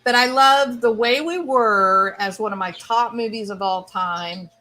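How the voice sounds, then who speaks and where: Slow-talking, chatty woman streamer. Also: a little high, pushed and bright. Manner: rambling, enthusiastic, thinking aloud. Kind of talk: casual chat.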